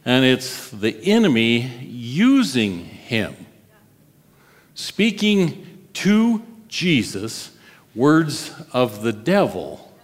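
A male pastor preaches in a conversational, expressive way and often turns to his listeners with questions. He speaks slowly and deliberately at a mid pitch, and his voice rings in a long hall reverb. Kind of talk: sermon.

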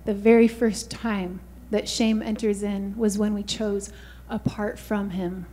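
A woman's voice: medium pitch, level tone, a little slow, dark tone, slight background noise. A woman preaching a fervent sermon, often saying "you guys" and "hallelujah" to the congregation.

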